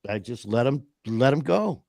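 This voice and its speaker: A man in his fifties spins a loose, animated story at an ordinary mid pitch. He keeps restarting his sentences and slips into quoted voices. The sound is close and dry, with no room around him. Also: moderate pace, gravelly, no room sound. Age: 50s. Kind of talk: casual storytelling chat.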